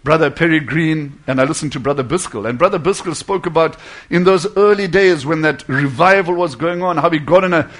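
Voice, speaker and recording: A male preacher with a high, ringing voice. He delivers a fervent sermon, pushing his phrases loud and then sinking to near hushes. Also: a little fast.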